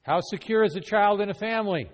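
Speaking fast in a voice that sits high, a man teaches a church evangelism training class through classroom instruction and role-play. Earnest and conversational, he fires question after question at the group, all heard with long hall reverb.

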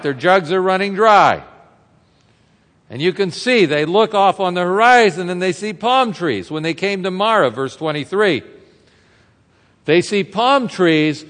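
A man with a high voice preaches a verse-by-verse sermon, keeping it conversational and asking the congregation rhetorical questions. His voice rings with the long reverb of a large hall. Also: a bit bright. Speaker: pastor. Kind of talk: expository sermon.

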